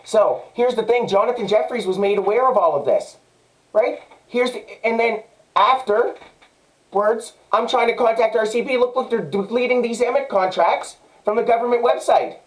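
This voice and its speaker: Agitated high-voiced Canadian man ranting. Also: normal speed, rough recording. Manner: agitated, repetitive, profane. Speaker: vlogger. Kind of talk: angry personal monologue.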